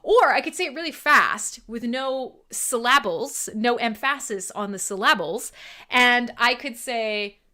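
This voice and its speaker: A young woman hosting a live music stream in a loose, giggly, self-mocking way. Her voice sits a little high and swoops up and down with lively energy as she chats with the audience. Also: unhurried. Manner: giggly, playful, self-deprecating, chatty with viewers. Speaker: livestream radio host. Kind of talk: casual livestream chat.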